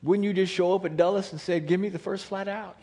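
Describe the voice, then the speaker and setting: A man preaching a sermon with lots of energy, acting out the Bible characters and swinging from hushed lines to loud ones. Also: sits high, steady tone, fast, slightly rough. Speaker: pastor.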